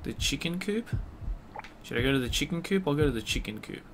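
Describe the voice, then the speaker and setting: Bright-voiced man streaming a game. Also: fairly high pitch, lively intonation, a little fast, slight background noise. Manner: swears a lot, talks to himself, yells in frustration. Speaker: streamer playing a horror game. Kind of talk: live gameplay commentary.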